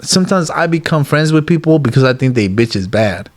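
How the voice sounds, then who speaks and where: Animated man telling street stories. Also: on the high side, fairly quick. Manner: animated, acts out others' voices, frequent "like" and "you get what I'm saying". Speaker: interview guest. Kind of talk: casual storytelling interview.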